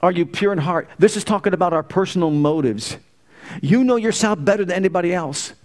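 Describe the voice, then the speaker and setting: A man's voice: high-pitched, a little fast, darkish tone. A middle-aged man preaching a sermon, folksy and humorous, asking the congregation rhetorical questions. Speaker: pastor.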